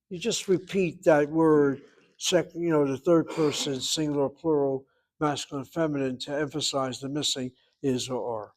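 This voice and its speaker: A man teaching a Hebrew class, lecturing emphatically, talking straight to his students and slowing down to stress key words. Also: a little high, fairly even intonation.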